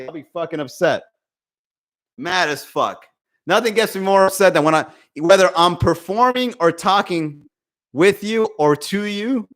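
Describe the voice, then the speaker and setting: Young guy comedian doing a phone livestream, kinda high voice, swears a lot, acts out little voices. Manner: animated, swearing, acting out quoted voices. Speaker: comedian and livestream podcast host. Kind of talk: casual livestream chat reading viewer comments. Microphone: phone for live stream.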